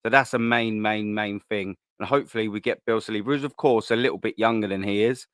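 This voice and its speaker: A man's voice: on the low side, fairly even intonation, quick pace, smooth, dry recording, studio quality. A man, hosting a live-streamed chat show in an upbeat, chatty way, repeating words as he goes. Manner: chatty and upbeat, repeats words, gives shout-outs to viewers. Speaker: fan channel host.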